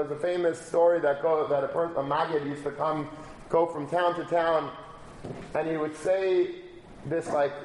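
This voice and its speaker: A man's voice: on the high side, darkish tone, a little hiss or hum. A man giving a casual Torah talk, telling a story and using many Hebrew and Yiddish terms. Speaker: rabbi. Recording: echoey room, faint ambience.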